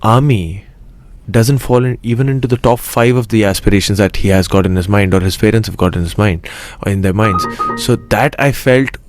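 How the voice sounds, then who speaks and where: A man's voice: lowish voice, fairly quick, faint music behind. A young adult man from Mumbai, a guest in a casual interview, talking eagerly with many restarts and fillers. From Mumbai, India. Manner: eager, rambling with frequent restarts. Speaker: actor guest.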